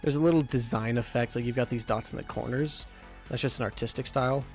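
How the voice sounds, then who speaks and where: A man's voice: mid-range voice, fast, faint music behind. Rambling man streaming game development. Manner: rambling, many fillers and restarts. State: eating while talking. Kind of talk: casual livestream chat.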